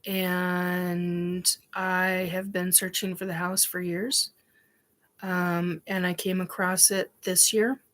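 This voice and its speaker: A woman's voice: fairly low pitch, little pitch movement, slow, fairly bright tone. A woman hosting a show, telling a personal story in a rambling, emphatic way with many ums and restarts. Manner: emphatic, swears casually. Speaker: host.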